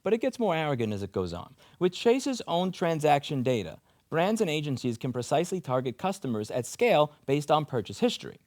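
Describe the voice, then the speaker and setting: A man's voice: fairly high pitch, very animated, a little fast, hardly any pauses, darkish tone, dry recording, studio quality. A man hosting a casual vlog from a lounge chair at home, blunt and profane, breaking off to scold his cats. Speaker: video host.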